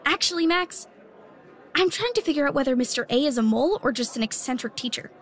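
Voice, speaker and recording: A woman playing an eager, know-it-all schoolgirl with a quick, confident delivery in an audio drama. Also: high-pitched, expressive. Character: smart eager schoolgirl, teacher's pet.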